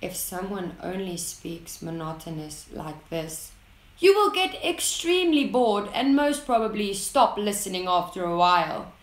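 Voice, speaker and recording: A woman narrating an English lesson in a slow, deliberate way, reading out example sentences with clear enunciation. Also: mid-range voice, a bit bright, roomy sound. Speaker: English teacher.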